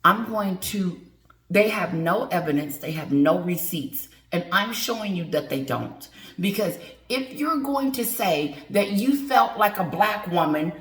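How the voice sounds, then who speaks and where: A woman's voice: medium pitch, fairly bright tone. Sassy ranting middle-aged woman, echoey room. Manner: sassy, emphatic, talks straight to viewers and greets them. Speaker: commentary vlogger. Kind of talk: opinion rant to viewers.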